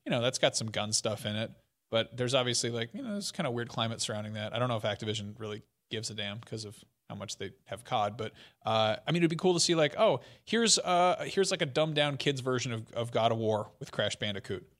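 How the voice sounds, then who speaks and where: A man's voice: mid-range voice, animated, brisk, a bit bright. A man chatting casually on a game podcast, rambling and jokey, trailing off into asides. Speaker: podcast panelist. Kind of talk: casual chat.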